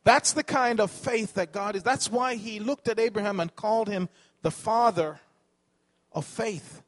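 Guy preaching a sermon, kinda high voice, keeps quizzing the crowd. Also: unhurried. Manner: asks the audience questions, corrects himself.

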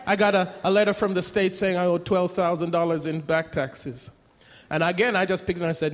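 Male preacher, high voice, emphatic sermon, rhetorical questions, reverberant hall. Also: fairly even intonation, brisk.

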